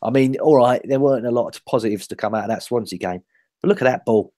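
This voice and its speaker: A man in a casual football chat, animated and joking as he gushes about players. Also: mid-range voice, quick pace, no room sound, clean studio sound. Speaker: podcast co-host.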